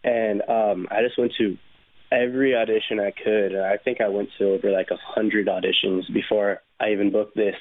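A young man with a low voice, chatting easily on air as a guest actor. He comes through a tinny phone line, and he pads his speech with "um" and "like". He sounds relaxed and dry. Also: moderate pace, dry recording. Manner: relaxed, casual, filler-heavy. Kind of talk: phone interview.

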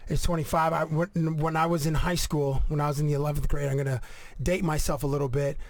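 Curious man firing quick questions. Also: a little high, level tone, no echo. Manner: quick questions, laughs easily. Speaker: podcast host. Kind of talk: casual chat.

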